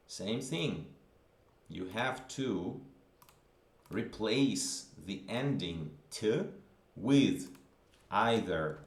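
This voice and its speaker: Male teacher, patient grammar lesson, frequent check-ins, lively intonation, echoey room. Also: lowish voice. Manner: patient, repeats examples with frequent "okay?" checks. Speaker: language teacher.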